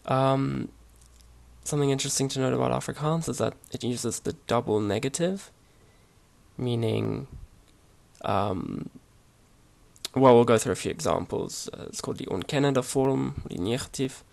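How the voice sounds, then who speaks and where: Gravelly-voiced man giving a casual lesson. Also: mid-range voice, moderate pace. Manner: relaxed, hesitant, many fillers and restarts. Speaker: language teacher. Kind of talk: casual slide-based language lesson.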